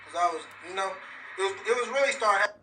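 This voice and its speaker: A man's voice: high-pitched, animated, quick pace, sharp tone, recorded from a distance. A man talking casually in an interview, rambling in heavy street slang. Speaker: rapper interviewee. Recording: echoey interview clip with background noise.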